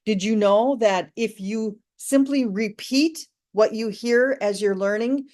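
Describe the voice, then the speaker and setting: A woman teaching an online English lesson, slow and deliberate, encouraging her students. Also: medium pitch, a little mellow. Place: live online class.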